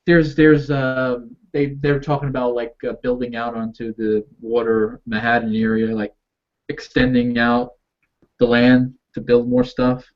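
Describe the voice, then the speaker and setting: A man's voice: mid-range voice, level tone, unhurried, muffled recording. Hesitant New York man on a call. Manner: hesitant, repeats words, trails off. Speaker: co-host. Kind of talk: casual video-call discussion. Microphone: video call.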